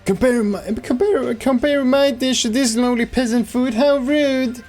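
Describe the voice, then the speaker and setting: A man's voice: very high voice, unhurried, a little mellow, faint music behind, voice pushed up. A man voicing a boastful, sleazy young male cook with a raised, theatrical delivery. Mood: indignant.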